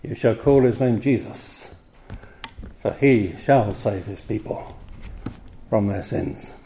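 A man preaching an evening sermon, earnest and emphatic, posing rhetorical questions and slowing down to quote scripture. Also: lowish voice, mellow, a little hiss or hum.

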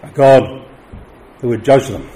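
A middle-aged man preaches a sermon at a measured pace, raising his voice for emphatic declarations and sinking low and quiet for solemn points. The recording is rough.

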